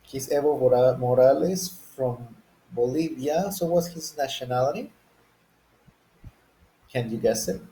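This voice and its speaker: Slow, patient male English teacher. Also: mid-range voice, dark tone, a little hiss or hum, rough recording. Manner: slow, patient, asks learners to guess and repeat. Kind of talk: beginner English lesson.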